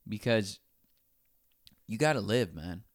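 A man's voice: on the low side, slow, no room sound, clean studio sound. A man co-hosting a casual podcast, swearing freely and acting out the people in his stories with sudden jumps in voice. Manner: profane, animated storytelling with mimicked voices. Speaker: podcast co-host. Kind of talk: casual chat.

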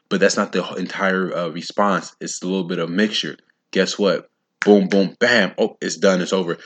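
Deep-voiced man hosting a motivational podcast. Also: fairly bright tone. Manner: emphatic, preachy, punctuates points with sound effects; casual and slangy, addresses listeners directly. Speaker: podcast host. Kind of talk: solo motivational podcast monologue.

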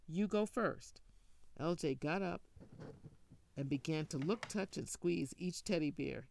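A storyteller giving a steady scripted reading of a family story. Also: mid-range voice, vocal fry. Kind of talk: scripted narration.

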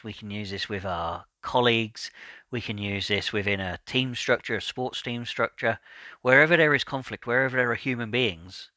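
A man hosting a solo podcast, talking in a calm, measured and deliberate way, sometimes repeating words as he thinks. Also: mid-range voice, no room sound. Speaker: podcast host.

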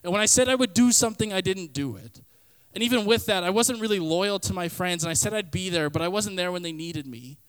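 A man's voice: high voice, lively intonation, a little fast, clean tone. A young man preaching a youth sermon in a casual, storytelling way, full of "like" and comic asides. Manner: frequent fillers like "like" and "kinda". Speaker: youth pastor.

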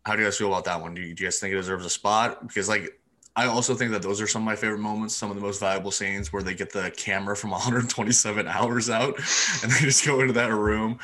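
A man's voice: fairly even intonation, fast, sharp tone. A young man chatting casually about favorite movie quotes, laughing and acting out lines. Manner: laughing, acts out quotes in pitched-up voices. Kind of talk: casual chat.

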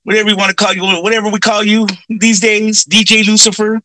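Laid-back male co-talker, very bright tone, dry sound, quick jokes. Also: high-pitched, level tone, no echo, low-quality recording. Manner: laid-back, chimes in with short agreements and jokes. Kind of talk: casual comedic chat.

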